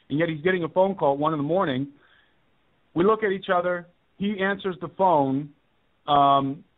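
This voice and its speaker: A man appearing as a radio show guest, telling a personal story in an earnest, emphatic way and repeating his key points. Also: fairly high pitch. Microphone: telephone. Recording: tinny phone line on radio.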